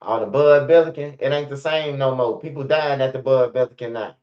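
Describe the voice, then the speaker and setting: A middle-aged man with a Chicago accent rambles through street stories, loose and profane. His pitch sits in an ordinary middle range. The recording is slightly muffled and lo-fi. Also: fairly quick. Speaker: storyteller. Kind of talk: casual storytelling monologue.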